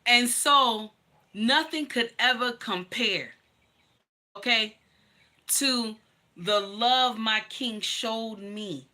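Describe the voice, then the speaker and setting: A woman hosting a livestream talks straight to her viewers about her own life. Her voice is sharp and very bright, at a middle pitch for a woman. She tells it bluntly and with emphasis, with plenty of swearing and a steady "honey" for the listener. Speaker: livestream host. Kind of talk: personal storytelling to viewers.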